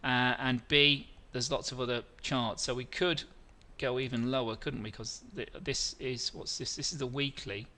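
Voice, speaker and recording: A middle-aged man hosts a live trading webinar with a bright, forceful voice. He rambles through charts at a mid pitch, restarting phrases and answering viewer questions as he goes. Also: steady tone, moderate pace, hardly any pauses.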